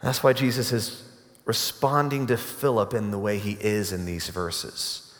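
A man preaching a sermon to a congregation, earnest and emphatic, building to forceful climaxes. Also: fairly low pitch, unhurried. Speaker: pastor. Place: church sanctuary. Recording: long hall reverb.

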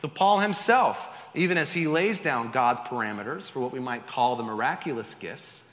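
A man's voice: mid-range voice, animated, normal speed, fairly bright tone. A man preaching a Sunday sermon as pastor, conversational and emphatic, with asides to the congregation in a church sanctuary. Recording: long hall reverb.

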